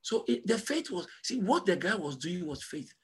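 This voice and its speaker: A man preaching a sermon as pastor, emphatic and repetitive, building to loud call-and-response peaks. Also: high-pitched, very animated, normal speed, husky.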